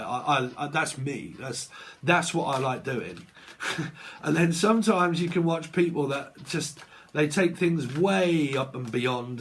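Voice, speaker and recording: A man talking as a tarot reader in a blunt, sweary casual vlog rant, laughing often. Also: mid-range voice.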